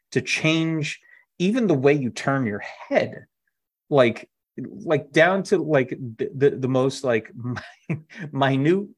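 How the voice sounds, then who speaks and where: A man co-hosting a casual podcast, rambling with lots of fillers and restarts. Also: mid-range voice. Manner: acted on stage. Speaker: podcast co-host. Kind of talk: casual chat.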